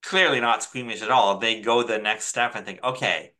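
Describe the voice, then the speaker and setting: A man in casual chat about a comic he read, relaxed and thoughtful, often laughing. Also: on the low side, normal speed.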